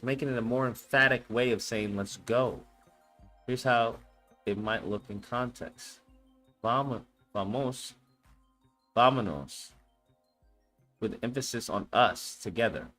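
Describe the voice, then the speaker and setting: A man's voice: mid-range voice, a bit bright. A young man on a casual live stream, thinking aloud with frequent cursing and reading answers off a screen.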